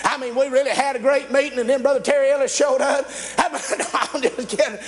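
High-voiced folksy preacher man. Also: steady tone, fast. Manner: folksy, exclaiming, laughs often. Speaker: pastor. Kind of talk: sermon.

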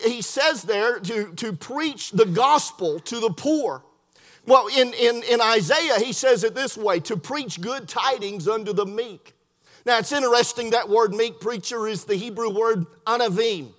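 A man's voice: high-pitched, fairly bright tone. A man preaching a sermon, telling folksy stories with repeated words and a homespun turn of phrase. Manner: folksy storytelling with repetitions and southern-style grammar.

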